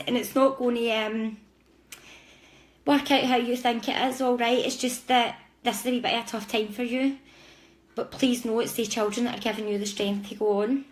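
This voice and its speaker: A fairly high-voiced woman giving psychic readings on a live stream. She chats straight to her viewers in a warm, apologetic way. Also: fairly even intonation, moderate pace, a little hiss or hum. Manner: chatty, warm-hearted, apologetic, speaks directly to viewers. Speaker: psychic reader.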